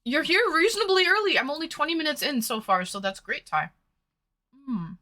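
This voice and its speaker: A Massachusetts woman with a local accent hosts online dates on a casual livestream, talking into a webcam mic while she eats. Her voice is high, animated and brisk with a sharp tone. She's chatty, reads the chat aloud and takes bites between words.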